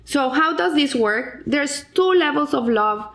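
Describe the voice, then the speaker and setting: A woman's voice: high voice, lively intonation, a little slow, a bit bright. A middle-aged woman explaining a weekly Torah lesson in an earnest way, with frequent restarts and Hebrew terms. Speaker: Torah teacher.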